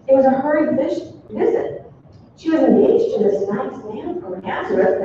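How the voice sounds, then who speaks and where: A gentle, humble elderly Elizabeth, as a woman preacher puts her on, tells her story in a high, heartfelt voice. The sound is distant and echoes through a large church hall, with a dull, muffled tone. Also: slight background noise. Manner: heartfelt storytelling with soft pauses. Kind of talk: first-person dramatic monologue in a sermon.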